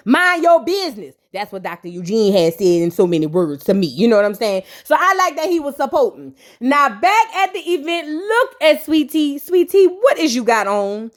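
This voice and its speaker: With a fairly high voice at a normal speed, a woman hosts a reality TV recap full of casual, sassy, profane reactions. She animatedly retells the show, acting out the cast's lines in quoted voices.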